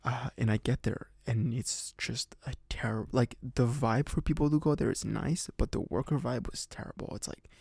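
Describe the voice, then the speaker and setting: A man's voice: medium pitch, normal speed, gravelly, few pauses, darkish tone, breathy edge, dry recording, studio quality. A man in his twenties casually telling a personal story on a podcast, rambling with lots of fillers. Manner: rambling, many fillers and restarts. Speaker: podcast host.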